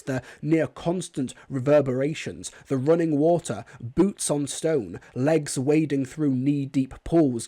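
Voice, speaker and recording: A man with a cold gives a chatty online review of an audio drama. His voice is dark and mellow and sits at an ordinary pitch, and he sounds enthusiastic about what he is covering. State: has a cold.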